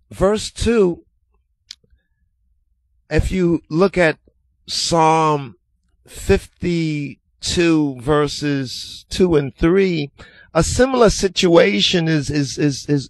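Man, scripture teacher, slow deliberate delivery, repeats words mid-thought, mixes in Amharic and Hebrew terms, dry sound. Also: a little high, no room sound. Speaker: Bible teacher.

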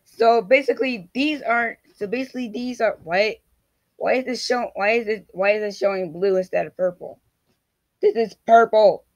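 A man's voice: high voice, normal speed. A man casually vlogging an unboxing, rambling and restarting his sentences as he talks to himself, his voice cracking now and then. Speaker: YouTuber.

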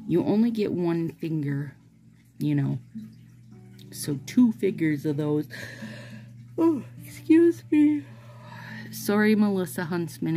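Woman nail vlogger, low and husky with fry, slow rambling chat to viewers. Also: warm tone. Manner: rambling, chatty, addresses viewers as "you guys". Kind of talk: casual chat while doing a manicure.

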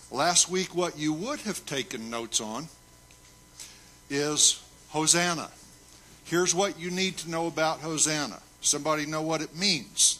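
Slow, bright-voiced preaching pastor. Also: male voice, fairly high pitch, a little hiss or hum. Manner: emphatic preaching, asks the congregation questions. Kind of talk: sermon. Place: church sanctuary.

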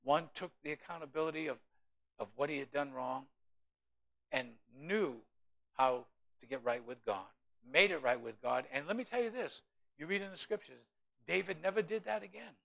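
A man, a pastor, preaching a sermon in an animated way with humorous asides to the congregation. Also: on the high side, moderate pace, creaky.

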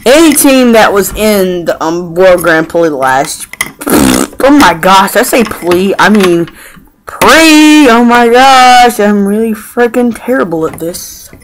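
A man hosting an improvised fan comedy show as a mock TV host, rambling and excitable with mild cursing. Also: high voice, takes it slowly, slight background noise, rough recording.

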